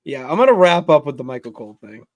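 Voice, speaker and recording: A man's voice: a little high, big pitch swings, fast talker, darkish tone, dry recording, lo-fi sound. A man co-hosting a casual wrestling podcast, easygoing and laid-back as he gives his takes. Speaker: podcast co-host.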